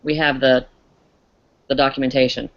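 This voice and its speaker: A woman's voice: rumbling low, flat delivery, moderate pace. A woman from Kansas with a Midwestern accent, chatting casually in a discussion group and trailing off mid-sentence. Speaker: podcast discussion group member. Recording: lo-fi call audio.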